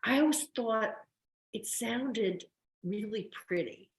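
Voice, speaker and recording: An older woman from New Jersey with a New York–New Jersey accent, an actress telling stories in a casual interview, quick and chatty. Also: on the high side, roomy sound, rough recording. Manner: fast, chatty storyteller. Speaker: guest, soap opera actress.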